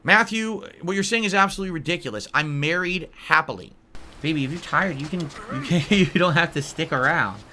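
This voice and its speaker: A man's voice: on the high side, lively intonation, fairly quick, sharp tone, slight background noise. A man in his early forties answering live chat on a stream, blunt and easily irritated, calling viewers idiots. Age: 40s.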